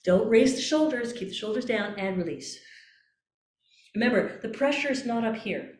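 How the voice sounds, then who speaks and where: A woman voice coach calmly guiding a breathing exercise, repeating gentle cues. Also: fairly high pitch, moderate pace. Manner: calm, coaxing, repeats cues. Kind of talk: guided breathing exercise instruction. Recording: echoey room.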